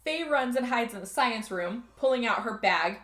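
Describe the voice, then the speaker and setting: A woman's voice: on the high side, expressive, moderate pace, a bit bright. A woman hosting a podcast, recapping a movie in a rambling casual chat full of "like" fillers. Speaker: podcast host. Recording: echoey room.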